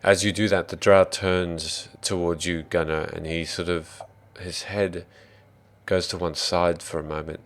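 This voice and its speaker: A man's voice: deep voice, steady tone, a little slow. A man with an Australian accent narrating a tabletop game as dungeon master, descriptive and given to hesitant fillers.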